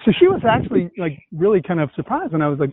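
A man's voice: sits high, wildly swooping pitch, fast, slightly rough, dry recording. A male host telling a story with enthusiasm and animation in a casual conversation over a video call. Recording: tinny call audio, dry.

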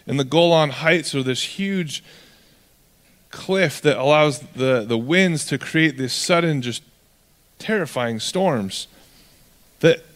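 Male pastor from California, relaxed and jokey in the pulpit, slightly higher voice. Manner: casual, joking storyteller. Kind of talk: sermon.

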